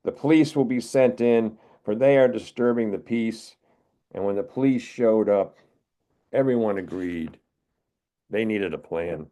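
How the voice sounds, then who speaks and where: An older man from the United States, giving a wry, measured poetry reading as a poet. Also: on the low side, warm tone. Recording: narrow phone-like video call audio.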